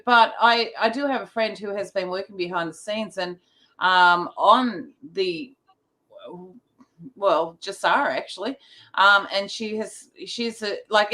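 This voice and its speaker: A woman speaking as a guest in a casual chat, pausing often to search for words. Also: mid-range voice, fairly bright tone.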